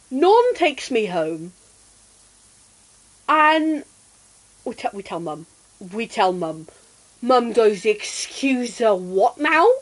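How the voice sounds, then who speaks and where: A woman's voice: on the high side, poor audio. Chatty woman telling a story. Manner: chatty, animated, laughs while telling. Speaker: streamer. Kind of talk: casual storytelling while gaming.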